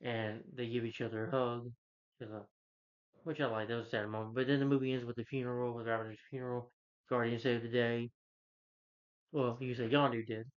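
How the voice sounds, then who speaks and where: A man's voice: medium pitch, little pitch movement, fairly quick. A man casually recapping a movie plot, rambling and filling with "like" and "you know.". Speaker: movie reviewer. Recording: dull lo-fi recording.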